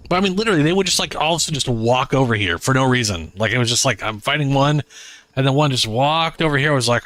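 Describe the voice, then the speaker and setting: A man giving casual gameplay commentary, excitable and talking back at the game. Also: mid-range voice, fast talker, no echo. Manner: excitable, talks to the game, swears. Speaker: gaming streamer.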